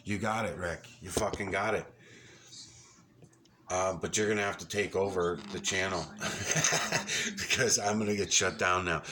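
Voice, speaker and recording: A man vlogging casually from his computer desk, rambling, swearing often and getting excitable, with lots of fillers. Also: deep voice, normal speed. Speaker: YouTube vlogger. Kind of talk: casual off-the-cuff vlog talk.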